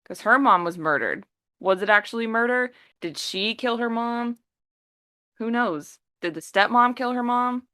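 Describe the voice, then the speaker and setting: A woman on a podcast, retelling a story in a lively, casual way and acting out the characters' lines. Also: fairly high pitch, a little slow, dry recording. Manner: animated storytelling, acting out quotes. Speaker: podcast co-host.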